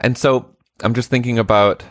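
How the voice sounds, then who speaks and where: A man interviewing a guest, asking thoughtful, measured questions. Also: mid-range voice, fairly even intonation, a bit bright, no room sound, clean studio sound.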